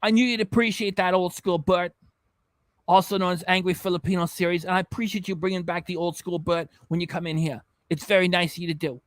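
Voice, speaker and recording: A man with a notably high speaking voice hosts a reaction livestream in loose, rambling chat. He jokes constantly and drifts into silly voices. The sound is dry and close. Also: steady tone, quick pace, dry recording. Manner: jokey, rambling, keeps slipping into silly voices. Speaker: reaction channel host.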